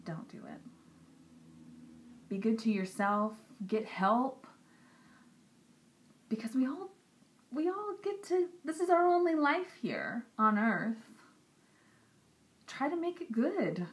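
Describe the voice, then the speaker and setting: A woman's voice: fairly high pitch, big pitch swings, slow, pauses often. Earnest woman with whispery asides. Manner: earnest, direct, repeating herself for emphasis. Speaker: Christian vlogger. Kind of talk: personal encouraging talk to camera.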